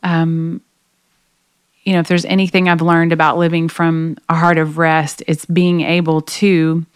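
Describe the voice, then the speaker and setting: A woman's voice: deep voice, level tone, measured pace, smooth, no room sound, studio quality. A woman singer, a guest, earnestly telling a personal story in a faith podcast conversation, with many fillers.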